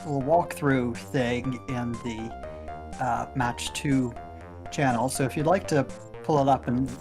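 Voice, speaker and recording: A man's voice: mid-range voice, fairly even intonation, slow, music in the background. A man co-commentating a game stream, explaining things in a rambling, hesitant way. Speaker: tournament organizer and co-commentator.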